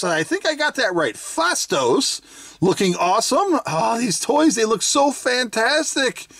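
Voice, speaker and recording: A toy reviewer hosting a casual unboxing video, chatting with excitement, giggling often and thinking aloud. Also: medium pitch, dry recording. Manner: thinks aloud, unsure asides. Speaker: toy reviewer, channel host.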